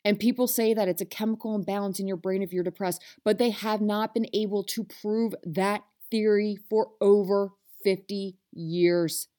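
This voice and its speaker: A woman's voice: mid-range voice, steady tone, moderate pace, hardly any pauses, warm tone. Passionate woman giving a motivational talk. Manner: earnest and passionate, speaks directly to listeners. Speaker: self-help podcast host.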